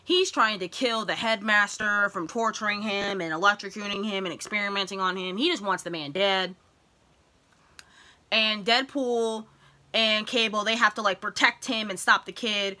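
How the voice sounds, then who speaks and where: A young woman vlogging a casual film review, retelling scenes with lots of fillers and rising into excited outbursts. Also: moderate pace. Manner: excited retelling with many fillers, voice jumps high when worked up. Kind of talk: casual chat.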